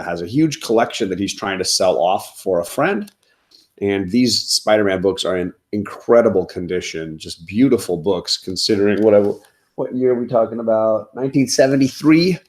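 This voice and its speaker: A man's voice: fairly low pitch, a little mellow. A man hosting a casual comics livestream from home, rambling with lots of fillers. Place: home, in front of a comic display.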